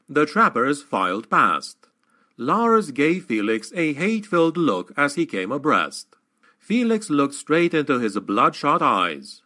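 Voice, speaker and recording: Man, audiobook narrator, expressive, dramatic, bright tone, lively pitch. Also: a little slow.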